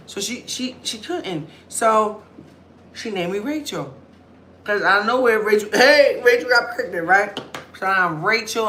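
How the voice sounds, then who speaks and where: A young woman vlogger, chatting loudly and telling stories straight to camera. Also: mid-range voice, slight background noise. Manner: loud, chatty storyteller. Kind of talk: casual talk to camera.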